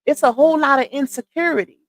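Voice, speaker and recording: A young woman speaks in in a high voice, giving emphatic, opinionated commentary straight to her viewers. The sound is close and dry, with no room around it. She leans hard on her points as she speaks. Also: fast, dry recording. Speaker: live stream host. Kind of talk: casual commentary livestream.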